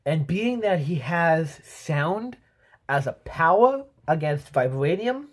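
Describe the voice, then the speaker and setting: A man's voice: a little high, expressive, takes it slowly. A man giving a casual movie review, rambling with lots of "um" and "you know" and acting out sound effects as he talks. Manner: voices sound effects and quotes while telling.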